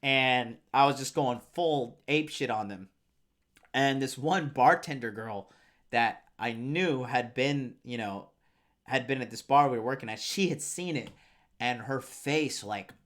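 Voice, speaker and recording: A man's voice: medium pitch, fairly bright tone. Young man, dating coach host, casual profane storytelling, rambling with fillers, mid-range voice. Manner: reads out viewer comments.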